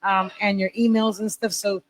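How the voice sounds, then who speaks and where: An excitable woman co-hosts a casual podcast. She fires off eager questions and throws in quick reactions. Her voice sits at an ordinary middle pitch. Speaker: podcast co-host.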